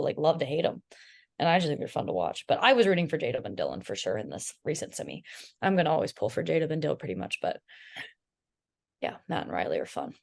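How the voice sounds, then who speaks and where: A woman's voice: low-pitched, vocal fry. A young woman guesting on a podcast, chatting casually and telling stories animatedly, quoting others in mimicking voices. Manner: animated storytelling, imitates others, laughs. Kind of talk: casual chat.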